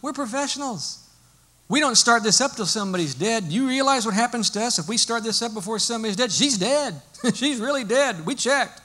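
A preacher voicing a group of hired mourners who scoff and mock with loud indignation. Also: male voice, extremely high pitch, lively intonation, brisk, voice pushed up, heavily acted. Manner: sarcastic, indignant.

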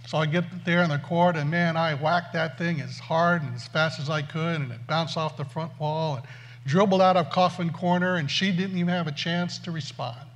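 A man preaching through a funny personal story, animated and self-mocking. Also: fairly high pitch, moderate pace. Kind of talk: storytelling sermon.

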